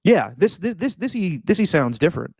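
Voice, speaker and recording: A man hosting a casual sports chat show, talking loosely, laughing easily and slipping into quick impressions of people he quotes. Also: high-pitched, sing-song, darkish tone, husky, dry recording. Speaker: podcast host.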